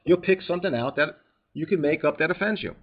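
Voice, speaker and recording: Emphatic New York preacher, slightly muffled. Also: male voice, on the high side, animated, fast, breathy edge. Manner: emphatic, reads scripture aloud then explains it conversationally. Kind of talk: sermon.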